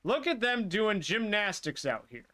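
A man giving live gameplay commentary, his voice sitting a bit high and swinging widely in pitch. He swears freely and talks back to his viewers and to the characters on screen. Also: very animated, unhurried, pushed and bright. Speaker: streamer.

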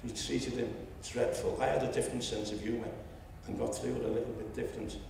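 Seventies Liverpool man, gravelly, public speech, roomy distant hall sound. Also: mid-range voice, level tone, fast talker, slight background noise. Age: 70s. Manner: storytelling, rising to loud indignation. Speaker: public meeting speaker. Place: lecture hall. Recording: echoey hall, distant mic.

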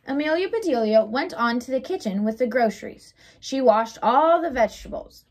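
A young woman reading a children's story aloud in an expressive, animated way. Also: on the high side, normal speed. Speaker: storybook reader.

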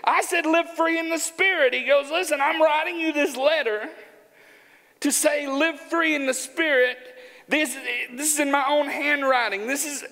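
A man from Arkansas preaching a sermon in a church, joking in a folksy, animated way. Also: extremely high pitch, normal speed. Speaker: pastor. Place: church sanctuary. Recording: church hall with long reverb.

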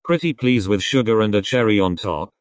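A man's voice: lowish voice, brisk, no room sound, natural voice. A man voicing a playful, clingy drunk young man who whines and pleads. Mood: pleading.

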